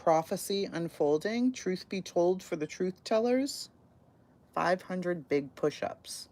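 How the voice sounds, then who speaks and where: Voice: mid-range voice, expressive, slow pace, darkish tone. A channel host reacting in casual commentary, incredulous and swearing, firing off exclaimed questions.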